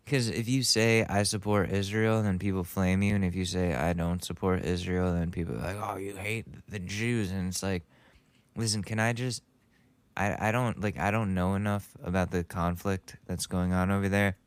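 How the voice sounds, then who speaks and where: A man's voice: low voice, smooth, dry recording. A young man hosting a podcast, riffing casually and joking about a clip he is playing. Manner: rambling, joking, laughs at own bits. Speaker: podcast host. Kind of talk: casual comedic commentary.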